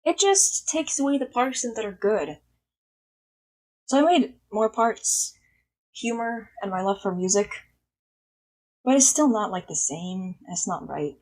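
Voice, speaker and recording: Young woman streamer at a desk mic, mid-pitched, loose casual chat, blunt and foul-mouthed, level rises and drops. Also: expressive, unhurried, long pauses, low-quality recording. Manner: blunt, swears freely, drifts between loud and hushed. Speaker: live streamer.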